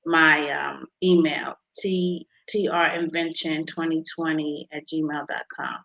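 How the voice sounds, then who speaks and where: A woman being interviewed about her invention, talking with many pauses and restarts. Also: sits low, level tone, creaky, a bit bright, rough recording. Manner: halting, many ums and restarts. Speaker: inventor guest.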